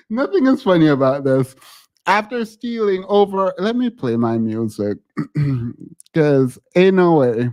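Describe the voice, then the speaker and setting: A man hosts a casual commentary show, reading news aloud in a high voice. He takes his time and keeps stumbling over restarts. Giggles keep slipping out between lines. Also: sing-song, slow, long pauses, darkish tone. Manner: giggly, hesitant, stammering restarts. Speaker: podcast host.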